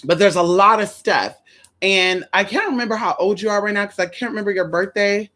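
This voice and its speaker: A woman hosting a casual livestream, sassy and animated, calling her viewers honey and girl while greeting them. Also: fairly quick. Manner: swoops high for greetings and drops low for asides.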